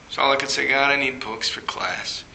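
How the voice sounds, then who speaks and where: A man preaching a sermon, telling a personal story and jumping higher in pitch when he acts out his younger self. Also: moderate pace, gravelly, pushed and bright, reverberant, slight background noise, poor audio. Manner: storytelling, rising high when acting out his past self.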